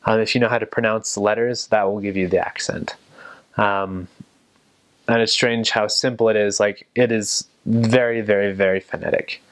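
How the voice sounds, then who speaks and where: A young man who served as a missionary, talking slowly and carefully and repeating each word. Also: lowish voice, steady tone. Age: young adult. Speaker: returned missionary. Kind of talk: casual talk with vocabulary recitation.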